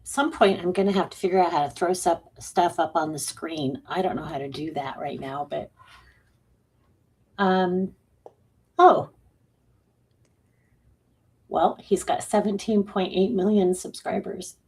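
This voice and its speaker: A woman's voice: fairly low pitch, unhurried, pauses often, darkish tone, breathy edge. A woman co-hosting a live stream, joking loosely and answering viewer questions about spiritual signs. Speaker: co-host and intuitive reader. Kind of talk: casual live-stream chat.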